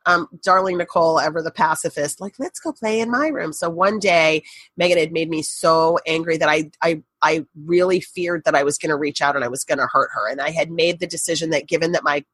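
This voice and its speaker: A middle-aged woman, a podcast guest, telling a personal story in a candid, animated way and swearing casually. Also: deep voice, brisk, husky, no room sound.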